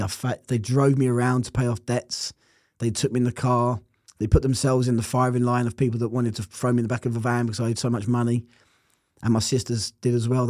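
A man's voice: medium pitch, mellow, no echo, studio quality. A man telling his personal testimony in an interview, earnest and reflective. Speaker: interview guest.

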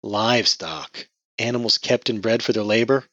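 A man's voice: low voice, lively intonation, moderate pace, bright, forceful tone, slightly rough, no room sound, muffled recording, exaggerated voice. A man voicing a bitter, sullen young woman who speaks with snappish sarcasm. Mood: sarcastic.

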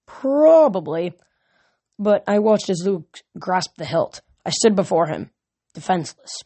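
A woman's voice: on the low side, measured pace, gravelly, dark tone, husky. A woman reading a novel aloud earnestly, now and then stumbling and correcting a word. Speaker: reader.

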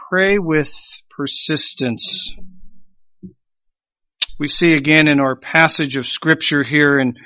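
A man delivers a sermon in a bright, forceful voice that rises on key phrases and sinks low at their close. The sound is dry and a little dull, like a lo-fi recording. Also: no room sound. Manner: emphatic preaching, swelling louder on key phrases and dropping low at ends. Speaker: pastor.

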